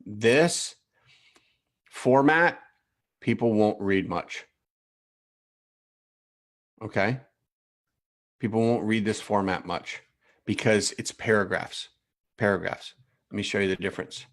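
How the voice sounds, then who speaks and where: Speaking slowly in a lowish voice with frequent pauses, a man coaches during a live training session. He reviews profiles aloud in an animated manner, repeating himself and naming viewers.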